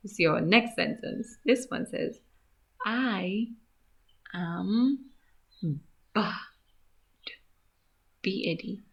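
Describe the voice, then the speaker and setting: A woman teacher slowly sounding out letters and words in a gentle, encouraging phonics lesson for young children. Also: fairly low pitch, creaky. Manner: gentle, encouraging, asks questions to young pupils. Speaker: grade one teacher.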